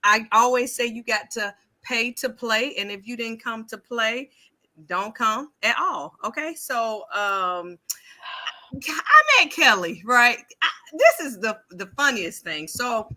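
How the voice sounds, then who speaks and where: Lively high-voiced woman telling a story. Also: slow. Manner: animated storyteller, acts out quotes, laughs often. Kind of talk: casual chat.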